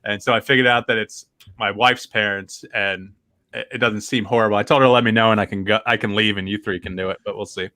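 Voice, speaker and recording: A man's voice: fairly low pitch, steady tone, fast, pushed and bright, no echo. A man hosting a casual podcast chat, rambling and laughing often as he talks. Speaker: podcast host.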